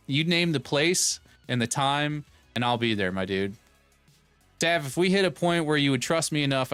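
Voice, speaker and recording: Male streamer, 30s, mid-pitched, smooth voice, jokey rambling chat, dry close mic. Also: a bit bright, no room sound. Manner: rambling, joking, reads chat aloud and riffs on it. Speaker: streamer host. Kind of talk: casual live-stream chat.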